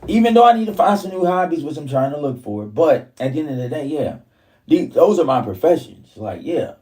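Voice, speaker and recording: A man's voice: on the high side, big pitch swings, fairly quick, a little mellow, recorded from a distance. Profane ranting man, set back from the mic. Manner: profane, repetitive, heated ranting. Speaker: vlogger. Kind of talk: casual ranting monologue.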